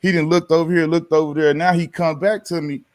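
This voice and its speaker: A man's voice: on the high side, little pitch movement, a little fast. A man in his forties, a former pro athlete, telling a story in loose, slangy talk and acting out both sides of the exchange. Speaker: podcast guest, former pro basketball player. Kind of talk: casual storytelling.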